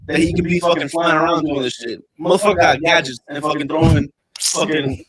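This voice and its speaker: A young man trades jokes on a casual podcast, talking with a slightly high pitch. He swears often and gets animated when he argues a point. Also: a little fast, crowd noise, low-quality recording. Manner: profane, animated, joking. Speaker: podcast co-host. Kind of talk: casual chat.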